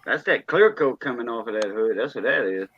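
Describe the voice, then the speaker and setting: A man's voice: mid-range voice, expressive, fairly quick, a bit bright, breathy edge, dry recording. A man chatting casually on a live stream, easygoing and chiming in with short remarks. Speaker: guest with his own channel. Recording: dull lo-fi call with clicking noise.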